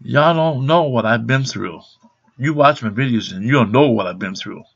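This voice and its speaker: A man's voice: mid-range voice, lively intonation, moderate pace, vocal fry, breathy edge. A man in his fifties ranting angrily to his camera, swearing constantly in a blunt, aggrieved way. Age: 50s. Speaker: vlogger. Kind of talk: angry rant to camera. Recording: dull lo-fi webcam sound.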